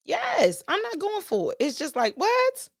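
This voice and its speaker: Sassy, animated woman podcast host. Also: very high voice, a little slow, no echo, studio quality. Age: adult with children. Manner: animated, sassy and emphatic, with sharp rhetorical questions. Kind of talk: casual solo podcast chat, reacting to listeners.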